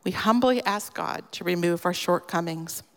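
A woman giving an earnest devotional teaching on a scripture passage, gently emphatic and personal. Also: fairly low pitch, moderate pace. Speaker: devotional speaker. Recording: long reverb.

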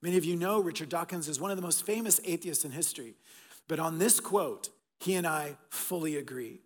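A middle-aged man preaching an Easter sermon as pastor, swinging between loud emphatic bursts and soft, hushed passages. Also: fairly high pitch, fairly quick. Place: church auditorium. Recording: long reverb of a large hall.

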